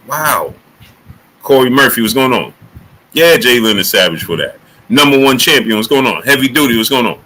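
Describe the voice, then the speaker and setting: A man hosting a casual boxing talk livestream, greeting chatters by name and jumping into high excited exclamations. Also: moderate pace, a little hiss or hum, low-quality recording. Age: adult. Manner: animated, rising to high excited exclamations when joking. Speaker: livestream host.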